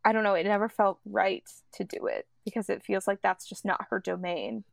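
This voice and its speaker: A woman's voice: medium pitch, steady tone, a little fast, gravelly, no echo. A woman tabletop game player in a casual podcast chat, upbeat and chatty.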